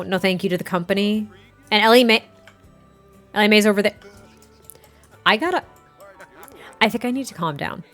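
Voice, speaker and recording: A woman hosting a let's play, chatting excitedly and getting exasperated at her game. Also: mid-range voice. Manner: chatty, excitable, quick to exasperation, laughs often. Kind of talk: casual gameplay commentary.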